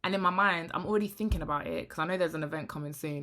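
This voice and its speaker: A young woman, talking frankly to camera in a rambling, animated vlog. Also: low-pitched, racing, hardly any pauses, a little hiss or hum. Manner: rambling, frank and animated, often trailing into hushed asides. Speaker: vlogger.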